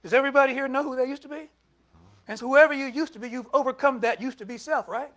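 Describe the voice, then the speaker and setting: An older man preaching a sermon in a conversational way, putting questions to the congregation and moving between loud and soft. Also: very high-pitched, quick pace. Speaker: minister.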